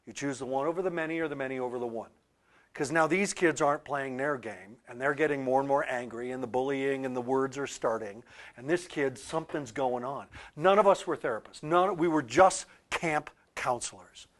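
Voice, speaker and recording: A man telling a story in a talk about archetypes, animated, with loud peaks and quiet asides. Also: mid-range voice, brisk. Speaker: author and speaker on archetypes.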